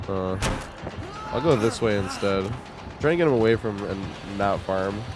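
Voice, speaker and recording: A man's voice: on the low side, lively intonation, normal speed, over music. A man streaming a video game, talking loosely and profanely with his viewers, his voice weak and congested from a cold. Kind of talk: casual livestream chat while gaming.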